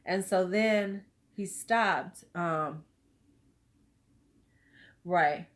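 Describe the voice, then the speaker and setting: A middle-aged woman chatting on a live stream in a slightly low voice. She is loose, bawdy and quick to tease her viewers. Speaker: host of a live beauty chat.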